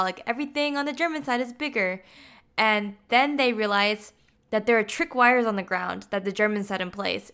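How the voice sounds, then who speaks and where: Woman, mid-pitch, clear smooth voice, chatty recap of a film, lots of "like". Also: sharp tone. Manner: chatty, heavy use of "like" fillers. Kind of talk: casual film plot recap.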